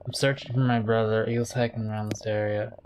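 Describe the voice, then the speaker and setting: A man's voice: lowish voice, level tone, quick pace, darkish tone, slight background noise, natural voice, poor audio. A man voicing a polite, subdued game hero who is searching for his missing brother. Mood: worried.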